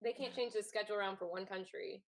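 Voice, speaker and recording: A woman's voice: medium pitch, fairly even intonation, fast. A woman hosting a casual sports chat, talking in a loose, chatty way with many fillers. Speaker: host.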